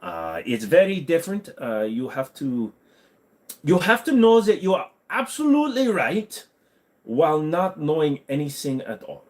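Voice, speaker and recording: A man's voice: a little high, very animated, normal speed. An American man doing a put-on German accent as a pompous know-it-all for a comic bit. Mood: smug. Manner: lecturing, smugly self-assured.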